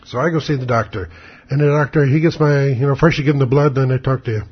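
A man's voice: medium pitch, steady tone, fast talker, breathy edge. An older man telling a rambling personal story in a blunt, sarcastic, casual way. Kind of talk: casual spoken monologue. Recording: dull lo-fi recording.

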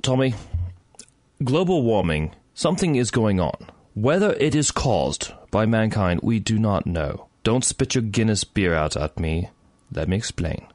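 A man's voice: on the low side, big pitch swings, a little slow, a little mellow, dry recording. A tipsy man putting on an English accent to voice his older father, a frank physicist who swears bluntly. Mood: earnest.

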